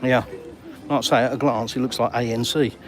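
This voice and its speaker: A man's voice: medium pitch, fairly even intonation, a little fast, faint music behind. An Englishman walking outdoors and vlogging, chatting in a cheeky, bantering, slangy way to viewers while filming on his phone. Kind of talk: casual walk-and-talk vlog. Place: outdoors on an urban seafront street.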